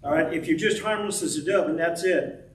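A man's voice: on the high side, brisk. Conversational man teaching a Bible class. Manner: conversational, acts out quoted speech in the story. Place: church classroom. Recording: roomy, distant mic, faint room noise.

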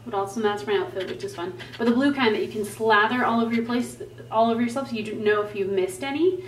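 Talking fast in a somewhat high voice, she chats playfully through a casual travel vlog about her vacation, laughing a lot. Faint noise and room echo are audible.

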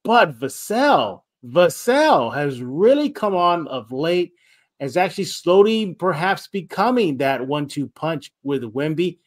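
Male sports podcast host, slightly high-pitched, energetic and rambling, loose conversational delivery. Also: measured pace. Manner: energetic, rambling, repeats himself. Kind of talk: sports podcast talk with read ads.

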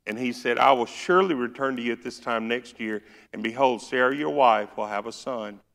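A man's voice: mid-range voice, brisk, creaky, a bit bright. A man preaching a sermon with a Southern accent, folksy and joking, reading scripture with rising force. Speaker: pastor. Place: church sanctuary. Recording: church hall reverb.

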